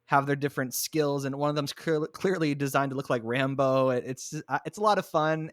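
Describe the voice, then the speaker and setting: A man's voice: medium pitch, no room sound, studio quality. A man hosting a podcast, chatting casually and eagerly recommending shows, poking fun at himself. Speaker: podcast host. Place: home, recorded remotely.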